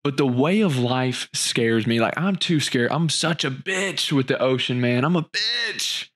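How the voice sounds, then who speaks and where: A young man hosting a podcast, easygoing and reactive, quick to laugh and swear. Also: medium pitch, animated, a bit bright. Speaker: podcast host. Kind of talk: casual chat.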